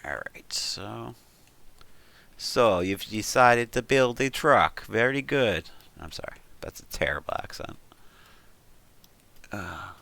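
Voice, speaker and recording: A man with a deep voice and a gravelly, fry-edged texture talks a viewer through a modeling tutorial, step by step. His delivery is casual and unhurried, and he thinks aloud with plenty of ums and uhs. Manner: relaxed, thinks aloud with frequent "um" and "uh"; talks the viewer through steps with "we'll" and "you could". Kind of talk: casual screen-recorded tutorial.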